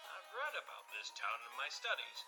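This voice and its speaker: Bookish know-it-all scholar, lively pitch, game music behind. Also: brisk. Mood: lecturing. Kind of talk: game character dialogue.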